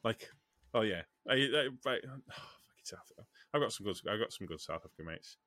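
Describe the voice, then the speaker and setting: A man hosting a casual podcast chat, animated, with frequent restarts and the odd swear word. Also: lowish voice, normal speed, no room sound. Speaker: podcast host.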